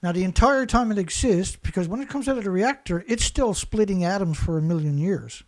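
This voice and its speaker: Brisk and expressive, this high-voiced male host tears into an angry, insult-laden monologue. He repeats himself throughout the rant.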